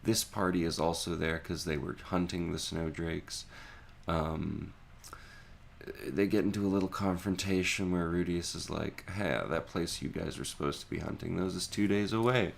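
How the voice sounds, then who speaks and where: Deep, gravelly male podcast co-host. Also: fairly even intonation, moderate pace, slight background noise. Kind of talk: casual anime discussion.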